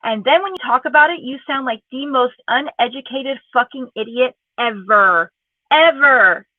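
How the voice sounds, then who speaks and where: High-voiced woman ranting and cussing, sarcastic, sounds like a phone line. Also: normal speed, dry recording. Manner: angry, profane, sarcastic. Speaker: YouTube commentator. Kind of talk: casual ranting commentary. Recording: tinny phone-like audio, dry.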